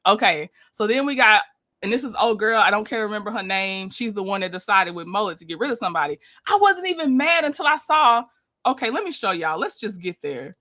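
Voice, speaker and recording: A woman's voice: medium pitch, sing-song, brisk, pushed and bright. A woman giving a casual, chatty reality-show recap, talking straight to her viewers with opinionated asides. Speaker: YouTube commentator.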